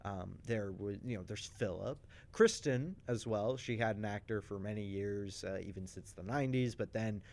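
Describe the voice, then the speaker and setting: A man's voice: lowish voice, gravelly. Man animatedly recapping a soap opera. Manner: animated storytelling, many restarts and asides; acts out characters' lines in quick voices. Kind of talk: casual chat.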